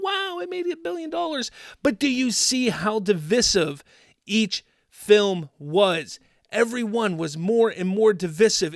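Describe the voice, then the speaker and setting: A man's voice: sits high, dry recording, clean studio sound. A man hosting an opinionated commentary show, talking in an emphatic, sarcastic, mocking way. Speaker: host.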